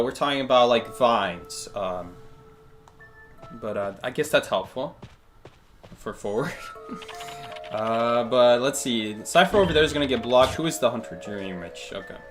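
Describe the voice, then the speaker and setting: A man's voice: medium pitch, expressive, normal speed, fairly bright tone, faint music behind. A man thinking aloud through a live gameplay stream, answering chat questions with plenty of fillers and restarts. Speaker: game streamer.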